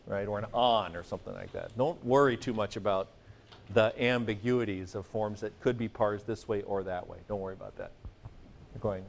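A man lectures a class in a mid-pitched, everyday voice. He keeps it light and joking. To make a rule memorable he sings short vowel sounds. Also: normal speed. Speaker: Greek teacher.

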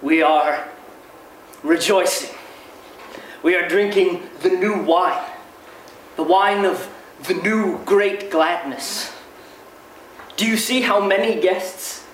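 A man reading the part of a gentle, loving old monk elder in a slow, tender, solemn way. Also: high voice, slight background noise. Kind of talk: dramatic reading. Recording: echoey room, mic far off.

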